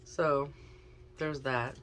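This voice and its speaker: A woman's voice: very deep voice, fairly even intonation, drawn-out words, heavy background noise. A woman giving a casual tarot and oracle card reading, chatting and thinking aloud as she draws cards. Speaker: intuitive card reader.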